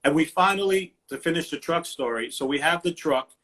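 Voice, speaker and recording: Husky, animated storytelling man. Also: on the high side, fairly quick. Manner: animated, profane storyteller acting out quotes. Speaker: host. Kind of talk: casual storytelling chat. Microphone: livestream phone mic.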